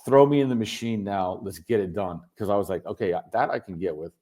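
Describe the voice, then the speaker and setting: A man telling his story as a guest in a casual chat, animated and swearing freely. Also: fairly low pitch, brisk. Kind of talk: casual video call chat. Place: home in Berlin.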